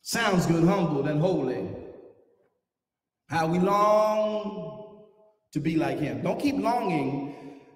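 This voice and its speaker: High-voiced preacher in an echoey hall. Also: male voice, takes it slowly, pauses often. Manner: animated preaching, swinging from quiet asides to shouted climaxes. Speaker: pastor. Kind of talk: sermon. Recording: echoey church hall, mic from far off.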